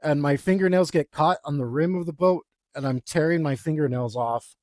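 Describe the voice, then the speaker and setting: A man's voice: on the high side, normal speed, a little mellow, no room sound, studio quality. A young man casually telling a rambling, self-deprecating story, with lots of fillers, while he draws. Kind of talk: casual anecdote while drawing.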